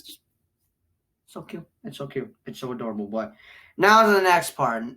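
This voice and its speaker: Reviewing a film at a brisk clip, a woman talks casually, circling back and repeating herself as she rambles. Her delivery jumps from loud, excited bursts down to quiet muttering.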